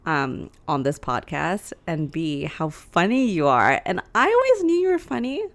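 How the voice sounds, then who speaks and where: A woman's voice: sits low, very animated, moderate pace. Laughing young woman co-hosting a chat. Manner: chatty, laughs often. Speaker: podcast co-host. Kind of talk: casual chat. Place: small living room.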